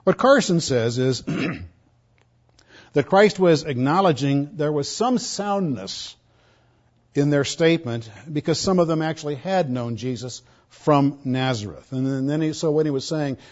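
Male pastor, higher-pitched, emphatic sermon delivery with loud-soft swings; muffled lo-fi audio. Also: expressive, a little slow. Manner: emphatic, swinging between loud stresses and quiet asides. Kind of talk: expository sermon.

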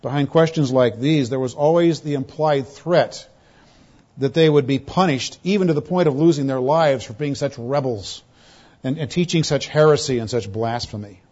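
Emphatic preacher man, dull lo-fi recording. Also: moderate pace. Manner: emphatic, rising to loud pointed quotes then dropping to hushed lows. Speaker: pastor. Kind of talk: expository sermon.

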